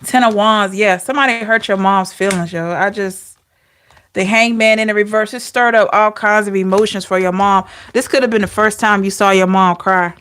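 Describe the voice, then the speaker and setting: A woman's voice: medium pitch, steady tone, moderate pace, a bit bright, clean tone. A woman giving an intuitive tarot reading, emotional and talking straight to her viewers. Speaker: tarot reader.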